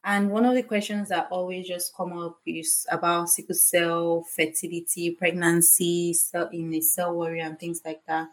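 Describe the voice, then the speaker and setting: A woman's voice: lowish voice, little pitch movement, moderate pace, hardly any pauses. A young adult woman from Nigeria hosting a podcast, telling a personal story candidly with many fillers. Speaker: podcast host, foundation founder.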